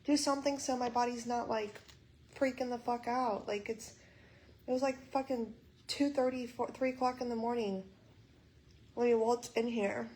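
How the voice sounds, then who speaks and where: Young woman vlogger, hospital room, angry and swearing as she vents; level, monotone voice. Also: on the high side, normal speed, a little hiss or hum, rough recording. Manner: frustrated, swearing, quoting others in dialogue. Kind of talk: venting to camera.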